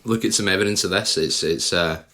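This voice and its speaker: A man's voice: low-pitched, fairly quick, pushed and bright. A Scottish man co-hosting a casual podcast chat, dropping dry joking asides. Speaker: podcast co-host.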